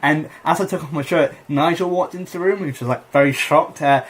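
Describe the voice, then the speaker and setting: A man's voice: a little high, a little fast, a little hiss or hum. A young man, a comedian and podcast co-host, telling a rambling story with lots of fillers and laughter in casual chat.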